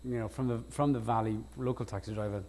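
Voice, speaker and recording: A Welsh actor in an on-stage conversation, telling lively anecdotes with frequent laughs and restarts. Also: male voice, fairly low pitch, fast talker. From Wales. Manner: animated anecdotes, laughs often, self-interrupting restarts. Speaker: guest actor. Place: lecture stage before an audience.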